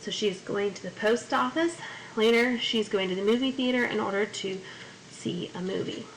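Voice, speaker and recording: A woman's voice: medium pitch, moderate pace, vocal fry, background noise. A woman teaching a Spanish class, reading each phrase in Spanish and then in English, and adding memory tips. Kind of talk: classroom vocabulary lesson. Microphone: corded mic.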